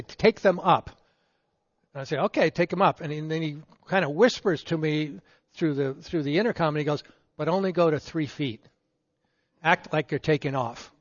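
An older man with a high, light voice tells stories with a laugh running through them. He speaks into a handheld mic in a meeting hall, and the sound is muffled, with a long reverb trailing behind him. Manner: chuckles through his stories, animated. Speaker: veteran and event emcee. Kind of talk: anecdotal storytelling to an audience. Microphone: handheld microphone.

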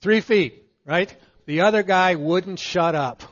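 Slowly and with laughter woven through his stories, an older man with a high, light voice entertains an audience as veteran and emcee. The handheld mic in the meeting hall gives a muffled sound, followed by a lengthy reverb, and his telling is animated.

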